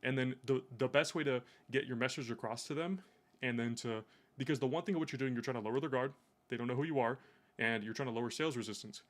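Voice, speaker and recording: A young man talks shop with a coworker at a middling pitch, swearing freely and hammering his points home with blunt examples. His talk is loose and conversational, full of restarts. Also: fast. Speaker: sales rep. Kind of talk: casual chat.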